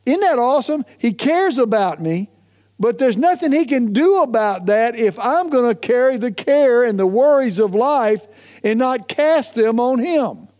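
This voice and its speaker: A man preaching a sermon as pastor, emphatic, often urging listeners to listen and drawing out key phrases slowly. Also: extremely high pitch, animated, darkish tone.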